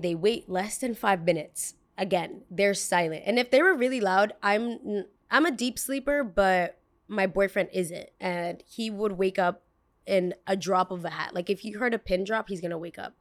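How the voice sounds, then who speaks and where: A young woman telling a story in a casual, slangy, animated way. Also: medium pitch, no echo, studio quality. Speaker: podcast host.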